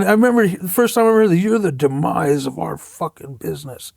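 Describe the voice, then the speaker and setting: Brief: middle-aged male tattoo artist, high gravelly voice, swearing storyteller, close dry sound. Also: fast, hardly any pauses, no echo. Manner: profane, blunt storytelling with acted-out quotes. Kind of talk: casual storytelling interview.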